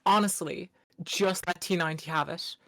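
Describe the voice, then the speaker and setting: A man's voice: high voice, fairly even intonation, normal speed, a bit bright, dry recording. A man co-casting a strategy game live, giving analytical commentary with joking banter. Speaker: co-caster.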